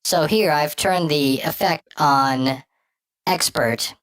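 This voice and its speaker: A man's voice: a little high, slow pace, vocal fry, a bit bright, no echo, full character voice. A man talking through a voice-changer effect set to sound female, joking wryly. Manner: wry, joking.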